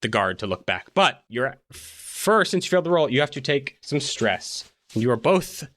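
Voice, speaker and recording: Man, game master, casual, filler-heavy, middle pitch. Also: very animated, normal speed, fairly bright tone. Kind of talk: running a tabletop game.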